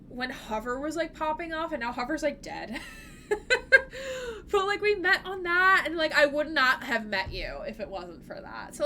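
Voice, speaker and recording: A bright, pushed, high voice comes through with slight background noise as this woman streams a game. She talks casually and rambles with her viewers, laughs readily, and packs her sentences with "like."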